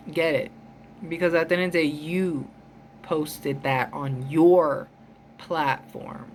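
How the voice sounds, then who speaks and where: A woman's voice: low-pitched, slight background noise. A woman vlogger ranting in a heated, emphatic way, with frequent swearing. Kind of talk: ranting storytime vlog.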